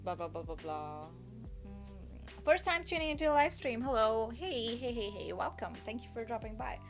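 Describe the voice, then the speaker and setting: A woman's voice: on the high side, lively intonation, moderate pace, soft background music. A woman live-streaming, giving advice in a chatty, rambling, self-mocking way and reading her chat aloud.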